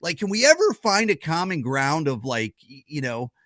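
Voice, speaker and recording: A man's voice: on the high side, big pitch swings, moderate pace, a bit bright, no room sound. A middle-aged man ranting in a casual vlog, rambling and blunt, with lots of profanity, restarts, stammers and rhetorical questions to the listener. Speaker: vlogger.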